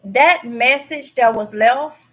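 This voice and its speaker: Woman, livestream host; bright, slightly high voice; emphatic, preachy delivery. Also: slow. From Mississippi. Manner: preachy, emphatic, repeats words for stress. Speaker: YouTube channel host. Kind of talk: casual livestream talk.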